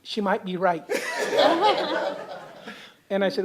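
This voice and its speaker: A man's voice: high voice, big pitch swings, slow pace, long pauses, slight background noise. A man on a symposium panel telling a humorous personal story, often tagging lines with "okay?". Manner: humorous anecdotal delivery with frequent "okay?" tags. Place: university symposium hall.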